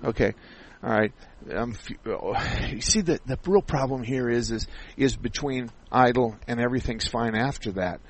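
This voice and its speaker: A man's voice: mid-range voice, moderate pace, slight background noise, low-quality recording. A man hosting a call-in radio show about car repair, explaining things step by step in a folksy way. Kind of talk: call-in radio advice chat.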